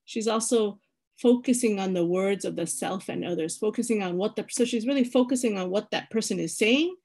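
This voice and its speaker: A woman's voice: medium pitch, brisk, darkish tone. A woman leading an online personality-type workshop over a video call, talking in a chatty, hesitant way with many fillers and restarts.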